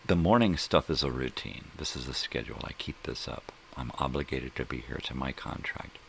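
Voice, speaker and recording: Very deep, gravelly middle-aged man. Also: fairly quick, a bit bright, slight background noise. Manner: rambling, joking, profane, trails off searching for names. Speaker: host. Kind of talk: casual solo livestream chat.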